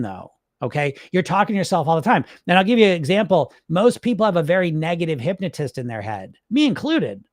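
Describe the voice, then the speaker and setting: A man's voice: a little high, no room sound, clean studio sound. A man, a hypnotist and weight-loss coach, talking casually and emphatically to viewers, often asking "right?". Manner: conversational, emphatic, frequent "right?" and "folks". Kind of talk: casual direct-to-camera talk.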